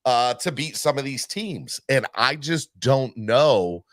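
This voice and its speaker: A man hosting a live sports fan podcast, talking in an animated, rambling way with many fillers. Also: medium pitch, takes it slowly, no room sound. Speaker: podcast host.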